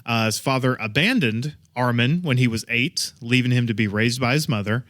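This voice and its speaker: A man's voice: medium pitch, normal speed, fairly bright tone, no room sound, studio quality. A man hosting a podcast, telling a true-crime story in a wry, joking way. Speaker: podcast host.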